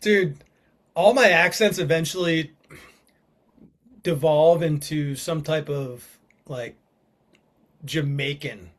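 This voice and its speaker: Playful, slightly high-voiced man chatting. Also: takes it slowly, pauses often. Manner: laughs often, playful, reads aloud from a screen. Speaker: podcast co-host. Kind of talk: casual chat.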